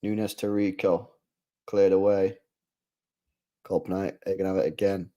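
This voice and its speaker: A young man live-streaming a football watchalong, excitable and loudly groaning at what he sees. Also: low-pitched, measured pace. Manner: excitable, shouting groans of disgust.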